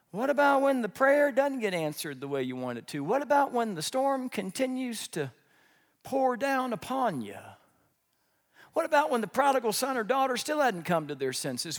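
A male preacher delivers a sermon as an animated storyteller. His voice sits high and leaps around in pitch, jumping from loud exclamations to hushed asides. A long reverb trails each phrase, as in a large hall. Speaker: pastor.

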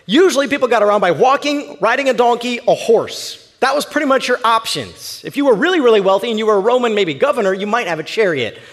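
A male pastor preaching a sermon in an emphatic, animated storytelling way. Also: very high voice, fast, hardly any pauses, big-room sound.

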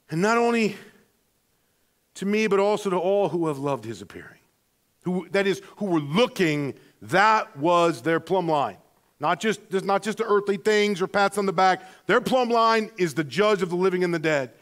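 High-voiced earnest man preaching. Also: expressive, normal speed. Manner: earnest, swings between quiet and emphatic, with frequent restarts. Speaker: pastor. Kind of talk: sermon.

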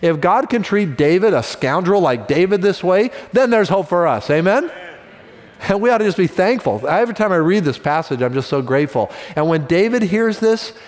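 A male pastor preaching a sermon in a relaxed, conversational storytelling manner with quick asides. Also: high-pitched, long reverb tail.

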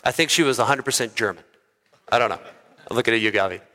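A man preaching a sermon as a pastor, conversational and lively, asking the congregation questions. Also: mid-range voice, quick pace. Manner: lively and conversational, asks the crowd. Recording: long hall reverb.

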